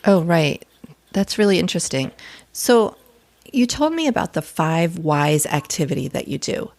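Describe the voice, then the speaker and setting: Low-voiced woman hosting a podcast. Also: lively intonation, normal speed, a little mellow. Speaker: podcast host. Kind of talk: podcast interview.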